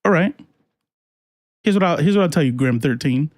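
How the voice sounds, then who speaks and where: A fairly high-voiced man ranting on a live stream, heated and profane, tripping over restarts as he answers chat. The sound is close and dry, with no room around him. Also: lively intonation, normal speed, a little mellow, no echo. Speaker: political commentary streamer. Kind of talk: casual live-stream commentary reading chat.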